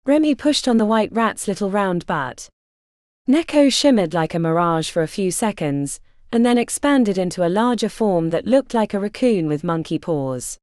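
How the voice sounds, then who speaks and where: A woman narrating a fantasy audiobook in an expressive, scripted reading. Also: medium pitch, normal speed, no room sound, clean studio sound.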